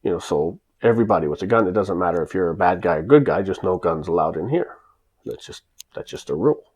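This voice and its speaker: A man's voice: low-pitched, animated, quick pace, darkish tone, slightly rough. An American man telling a personal story in a casual, emphatic way, full of restarts. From United States. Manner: emphatic, rambling with many restarts. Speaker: vlogger recounting his life in Japan.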